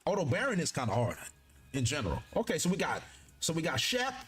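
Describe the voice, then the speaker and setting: A young man with a high, bouncy voice that leaps all over the place hosts a live stream. He reads the text aloud in bursts, then riffs on it with slangy, playful jokes. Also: huge pitch swings, fast talker, fairly bright tone, slightly rough. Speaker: streamer reacting to a manga chapter. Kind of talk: casual live-stream commentary.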